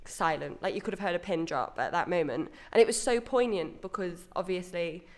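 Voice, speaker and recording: A woman co-hosts a podcast, chatting casually and enthusiastically about a musical she saw at the theatre, often correcting herself as she goes. Her voice is on the low side, fairly quick, and darkish in tone.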